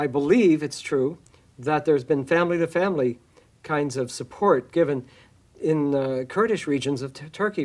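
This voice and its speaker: Thoughtful, halting man, fairly high voice. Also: darkish tone. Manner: thoughtful, hesitant, many fillers and restarts. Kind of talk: reflective interview talk.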